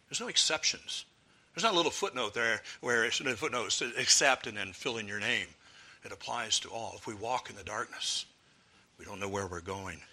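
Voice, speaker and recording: A man preaching a sermon, moving from loud, ringing exclamations down to hushed, quiet passages. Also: on the low side, lively intonation, normal speed.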